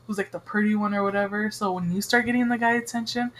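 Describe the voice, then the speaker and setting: Co-host rambling w lots of likes, mid-pitched voice. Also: steady tone, fast talker, fairly bright tone, a little hiss or hum. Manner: filler-heavy, hedging talker. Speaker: podcast co-host. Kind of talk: casual chat.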